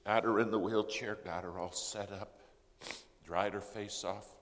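A man telling a personal testimony in sermon-style storytelling, dramatic and dropping to hushed whispers for emphasis. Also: fairly low pitch, steady tone, unhurried. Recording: long reverb in a large hall, faint background noise.

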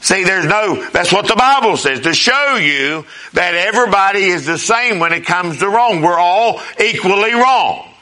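A man's voice: high voice, expressive, normal speed, hardly any pauses, sharp tone. A man preaching a sermon as pastor, emphatic, rising and dropping with repeated phrases.

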